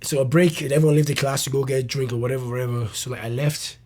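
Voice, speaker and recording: A young man, a comedian guest, telling a personal story in an interview, animated and loose, with swearing and restarts. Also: mid-range voice, racing.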